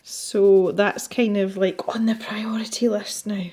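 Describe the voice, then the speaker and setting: A Scottish woman chats casually as she colours for her channel, wandering from topic to topic. She laughs easily and talks in a relaxed, rambling way, her voice sitting at an ordinary middle pitch. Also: a little slow, noisy background. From Scotland. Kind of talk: casual chat while colouring.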